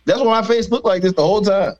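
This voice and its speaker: A man's voice: high-pitched, fast, a little mellow, muffled recording. A man co-hosting a podcast in a loose, profane casual chat, laughing often as he talks.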